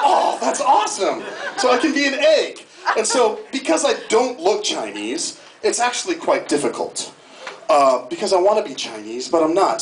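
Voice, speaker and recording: An American man performing a self-mocking stand-up comedy set on a club stage, with frequent jumps into high-pitched bits. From United States. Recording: echoey club room with noise. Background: audience laughter.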